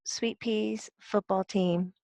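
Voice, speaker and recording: Slow-talking woman, hesitant medium. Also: medium pitch, fairly even intonation, vocal fry, a little mellow, no echo. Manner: hesitant, many ums, laughs often. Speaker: psychic medium. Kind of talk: relaxed conversational channeling.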